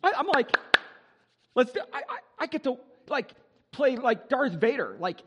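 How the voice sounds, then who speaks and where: Man, pastor, high lively voice, animated sermon, playful jokes, long hall reverb. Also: moderate pace, husky, muffled recording. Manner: animated, joking, exuberant.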